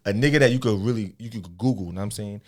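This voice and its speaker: A man's voice: lowish voice, fast talker, crowd noise. A young man telling a story in casual podcast chat, acting out the other people's lines and laughing often. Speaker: podcast co-host.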